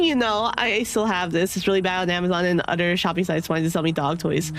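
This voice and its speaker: A woman's voice: fairly low pitch, steady tone, quick pace, few pauses. A young woman talks in a loose, rambling way, stacking filler words as she goes. She sounds close to tears at times. Faint music plays behind her. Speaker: streamer. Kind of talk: casual chat.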